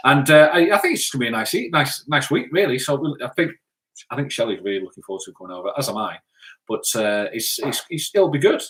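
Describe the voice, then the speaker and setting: A man's voice: mid-range voice, expressive, quick pace, a bit bright. Man co-host, casual live chat, jokey, reads comments, trips on words. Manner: chatty, jokey, stumbles over words.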